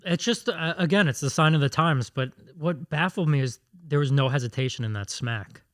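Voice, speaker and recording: A man's voice: on the high side, brisk. A man in casual conversation, telling a story in a plain, matter-of-fact way. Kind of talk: casual chat.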